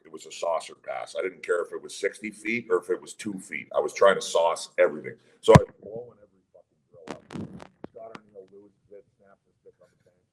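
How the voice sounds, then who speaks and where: A man's voice: deep voice, slight background noise. A middle-aged man, a former hockey player, telling blunt, profane stories in a casual interview. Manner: blunt, profane, heated storytelling.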